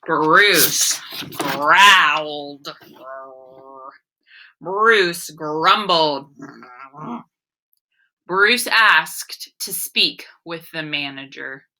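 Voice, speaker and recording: A woman's voice: lowish voice, animated, takes it slowly, pauses often, bright, forceful tone, slight background noise, rough recording. A woman teacher reading a picture book aloud to her class, explaining words and asking questions.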